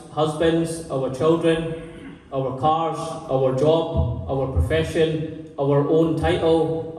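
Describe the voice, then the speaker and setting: A man's voice: a little high, warm tone. A man giving a sermon as a Sikh preacher, telling stories earnestly and recounting conversations. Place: gurdwara hall. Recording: echoey hall, voice from far off.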